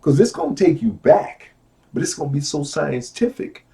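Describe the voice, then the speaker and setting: A middle-aged man giving a lecture from a book, repeating key phrases slowly and swinging from low asides to loud exclamations. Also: sing-song, vocal fry.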